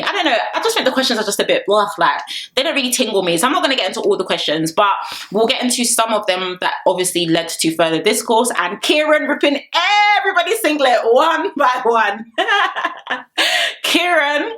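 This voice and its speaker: A young woman gives casual, animated commentary on a reality TV show and often breaks into laughter. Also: a little high, brisk. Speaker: reality TV reviewer.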